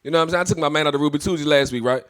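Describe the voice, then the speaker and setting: A man's voice: fairly high pitch, very fast. A man in his thirties doing a stand-up comedy set, brash and swearing, acting out the people in his stories.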